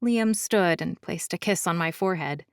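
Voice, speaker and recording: A woman narrating a fantasy romance audiobook in the first person, calm, soft and measured. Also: lowish voice, no room sound, studio quality.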